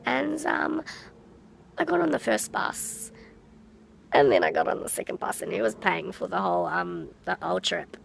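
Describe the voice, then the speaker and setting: A woman's voice: on the low side, sing-song, moderate pace, vocal fry, a little hiss or hum. A woman vlogger telling a personal story in a rambling way, full of fillers and acted-out quotes. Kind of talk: storytime vlog.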